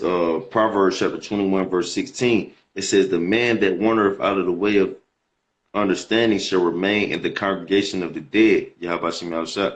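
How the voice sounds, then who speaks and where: Deep-voiced man preaching casually. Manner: casual, slangy, repeats words while reading scripture. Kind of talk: casual scripture teaching.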